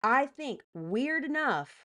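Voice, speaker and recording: Woman, live streamer, political commentary, heated, swearing, quick asides to chat. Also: high voice, very animated, bright, forceful tone. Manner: heated, profane, rapid asides to chat and mods.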